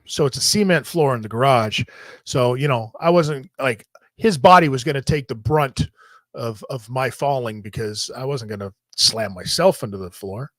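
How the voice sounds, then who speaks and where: A man's voice: fairly high pitch, dry recording. A man hosting a talk show, telling a story in a casual, profane and jokey way. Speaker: host.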